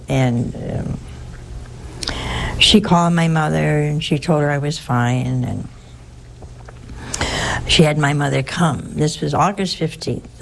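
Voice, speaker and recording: Older nun with a low gravelly voice. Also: female voice. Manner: rambling, warm anecdotal telling with frequent restarts. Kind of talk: personal storytelling.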